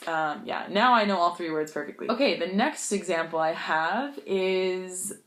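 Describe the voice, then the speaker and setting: A woman's voice: fairly low pitch, normal speed, fairly bright tone, roomy sound. A woman vlogging about learning a language, chatty and self-deprecating, telling stories and laughing often. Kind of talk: casual storytelling vlog.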